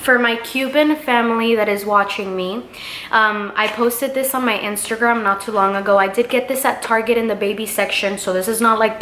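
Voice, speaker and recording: A young woman's mid-range, fairly bright voice carries a casual baby-haul vlog as she gushes over the little outfits, full of fillers. Slight background noise comes through in the roomy home recording.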